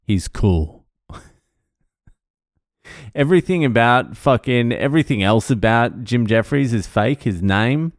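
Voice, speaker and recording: Aussie guy rambling a sweary story, smooth voice, dry close sound. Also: mid-range voice, measured pace, pauses often, no room sound. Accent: Australian. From Australia. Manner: sweary, self-mocking anecdote with laughs. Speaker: vlogger. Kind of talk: casual storytelling.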